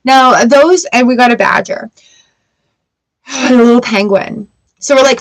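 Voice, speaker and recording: Woman, tarot reader, chatty, upbeat, greets viewers, fairly high voice. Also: measured pace, long pauses, rough recording. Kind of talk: live tarot reading.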